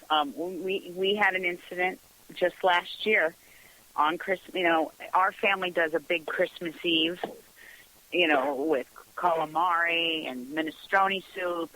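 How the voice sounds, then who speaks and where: Brief: female talk radio host, bright, crisp voice, chatty and quick to laugh. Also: fairly low pitch, slight background noise, low-quality recording. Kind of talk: casual radio chat.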